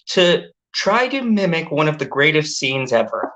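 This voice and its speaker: A woman hosting a casual movie review chat, ranting and swearing in exasperation. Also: moderate pace. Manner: exasperated, swearing, ranting with animated pitch jumps.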